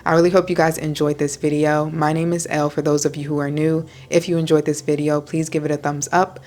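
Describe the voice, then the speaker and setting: A woman vlogger speaking in a low, soothing voice, slow and deliberate, pausing between her sentences. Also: level tone. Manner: slow, soft, deliberate speech with pauses. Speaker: wellness vlogger. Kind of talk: calm talking-head vlog.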